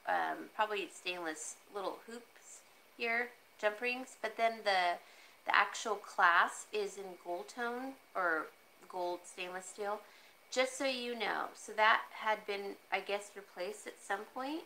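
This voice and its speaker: A woman's voice: slow pace, pushed and bright, slight background noise, low-quality recording. A woman hosting a casual live jewelry sale from home, chatty and easily sidetracked, laughing often and cooing at her cat. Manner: talks to her cat in a high coaxing voice. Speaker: online jewelry seller. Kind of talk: casual live-stream sales chat.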